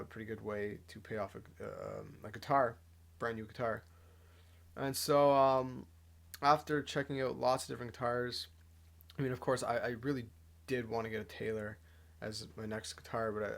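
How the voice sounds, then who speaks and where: Rambling man, gravelly voice. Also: medium pitch, fairly even intonation, moderate pace. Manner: rambling, lots of fillers and restarts. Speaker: musician vlogger. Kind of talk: casual vlog talk.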